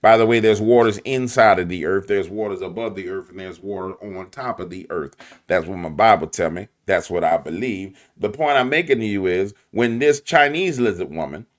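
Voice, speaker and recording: A man with a New Orleans accent giving animated, preachy commentary full of slang and repetition. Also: low voice, moderate pace, hardly any pauses. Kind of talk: conspiracy commentary.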